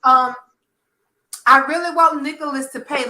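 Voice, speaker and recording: A woman with a Southern American accent, hosting a casual soap opera chat and acting out characters' lines in a profane, animated way. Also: sits high, moderate pace, roomy sound, background noise. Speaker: podcast host.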